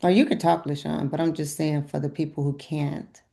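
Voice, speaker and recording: A woman's voice: low voice, steady tone, moderate pace, creaky. A woman leading a group health coaching session over a video call, repeating her praise and encouragement. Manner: warm, effusive, repeats praise.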